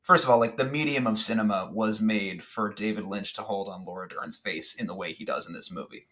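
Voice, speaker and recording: A man with a lowish voice talks fairly quickly as a podcast guest. He recounts a favorite film scene in an animated, rambling way, full of fillers and restarts.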